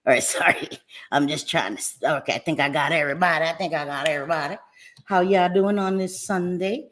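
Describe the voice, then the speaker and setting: A woman hosting a casual livestream, lively and affectionate, greeting viewers by name with pet names like sweetie pie. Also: low-pitched, fast. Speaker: livestream host. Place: home in New Jersey.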